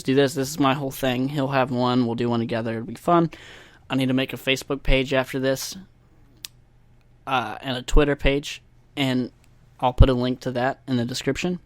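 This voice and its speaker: A man's voice: mid-range voice, flat delivery, moderate pace, no echo. A man hosting a casual solo podcast, talking in a rambling, profane, self-mocking way into a USB desk microphone. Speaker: podcast host.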